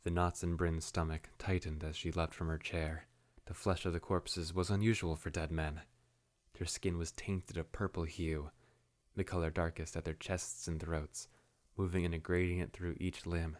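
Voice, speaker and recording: A man narrating a fantasy story in a steady, measured way. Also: low voice.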